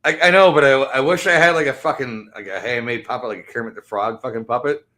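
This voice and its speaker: A man co-hosting a podcast in casual chat, excitable and profane, often stammering. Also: mid-range voice, fast. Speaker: podcast co-host.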